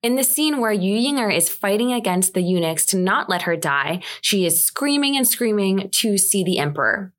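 A woman's voice: medium pitch, expressive, moderate pace, few pauses. A woman casually recapping a period drama, chatty with wry, sarcastic asides.

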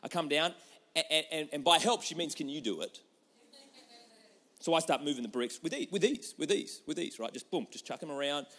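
A man preaching a sermon, earnest and acting out prayers, swinging between loud outbursts and hushed moments. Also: on the high side, a little fast. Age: adult parent. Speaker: pastor.

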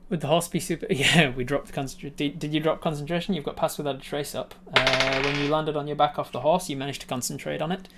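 A man's voice: on the high side, steady tone, quick pace, hardly any pauses, background noise. A man narrating a tabletop game on a stream as game master, laughing often and acting out sound effects.

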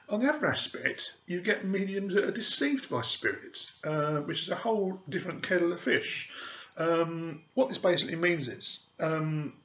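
A man's voice: a little high, sharp tone. A man, a psychic medium, speaking in an emphatic podcast monologue and scornful of fakery. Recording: echoey room, dull audio.

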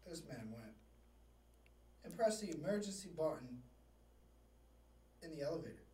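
A man's voice: on the high side, big pitch swings, normal speed, warm tone, recorded from a distance. A man co-hosting a podcast in casual chat, laid-back, chiming in with short dry remarks. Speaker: podcast co-host. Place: podcast studio. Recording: roomy, off-mic with faint ambience.

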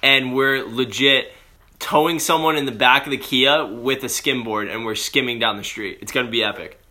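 A man hosts a loose, slangy chat with a strikingly bright, sharp voice. He talks in a relaxed way and laughs along with the others. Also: mid-range voice, normal speed. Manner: laid-back, laughing, slangy. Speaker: host. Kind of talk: casual podcast chat.

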